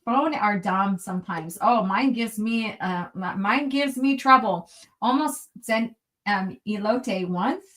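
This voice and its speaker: A woman's voice: mid-range voice, slow pace, fairly bright tone. A young woman hosting a casual live stream from home, reading chat aloud, laughing often and swearing freely as she rambles. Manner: giggly, swears a lot, rambling. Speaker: livestream host reading chat. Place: at home, indoors.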